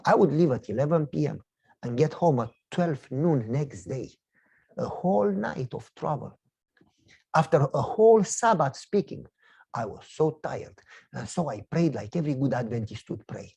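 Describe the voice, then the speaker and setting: A male preacher tells a personal story in sermon style, full of acted-out back-and-forth. His voice is husky and dark-toned, with a wide, lively pitch range. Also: measured pace, long pauses. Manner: animated, acts out dialogue in a story.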